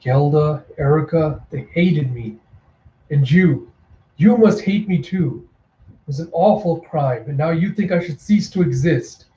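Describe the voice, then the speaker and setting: A man's voice: fairly high pitch, measured pace, warm tone, dull audio, close to an everyday voice. A man voicing a grieving, guilt-ridden young woman who pleads and accuses, in a roomy home recording. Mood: pleading.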